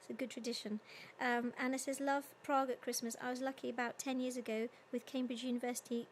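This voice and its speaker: A woman's voice: a little high, little pitch movement, fast, slight background noise. A young woman, a singer hosting a livestream concert, chatting casually and reading out viewer comments with lots of ums and little laughs. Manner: chatty, giggly, with many ums.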